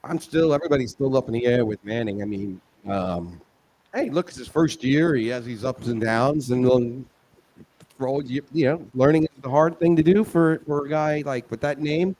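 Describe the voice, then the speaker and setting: A man's voice: medium pitch, moderate pace, darkish tone, slight background noise. A man co-hosting a casual college football picks show, easygoing and chuckling, sometimes losing his place. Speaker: show co-host reading picks. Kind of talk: casual sports betting chat.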